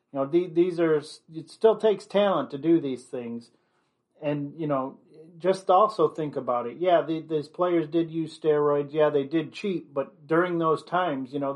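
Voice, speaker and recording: A man giving an opinionated commentary monologue, blunt and rambling, leaning on constant "you know" fillers. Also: on the high side.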